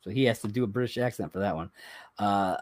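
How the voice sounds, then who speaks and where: A man's voice: fairly low pitch, fast talker, no echo, clean studio sound. A man co-hosting a podcast, chatting casually as he reads items from a list, rambling and chuckling along the way. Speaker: podcast co-host. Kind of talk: casual chat.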